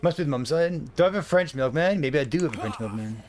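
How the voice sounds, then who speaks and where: A man's voice: a little high, expressive, fast talker, faint music behind. A man in his thirties chatting casually while streaming a game, rambling through a story with lots of fillers. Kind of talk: casual gaming stream chat.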